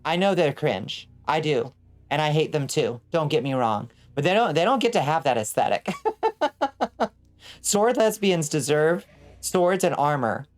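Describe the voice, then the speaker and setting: A woman's voice: low-pitched, expressive, unhurried, darkish tone. A woman from Georgia with a Southern accent, chatting casually with her stream chat while gaming. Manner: chatty, answers chat aloud, plays with pronunciations. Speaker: vtuber streamer.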